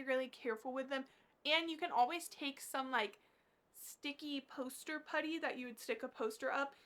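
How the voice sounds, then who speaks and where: A woman's voice: sits high, pushed and bright. A woman vlogging to camera in a casual, gushing way, with plenty of fillers as she shows off her collection. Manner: bubbly, gushing, filler-heavy.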